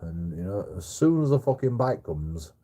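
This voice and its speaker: A man's voice: deep voice, very animated, moderate pace, warm tone. A man telling a rambling story on a livestream, swearing heavily and repeating himself.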